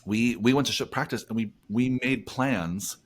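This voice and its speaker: A man from New Jersey hosts a business podcast in a chatty, upbeat way, speaking at a normal speed with a medium-pitched voice. It's a casual podcast conversation, and he often restarts phrases mid-thought.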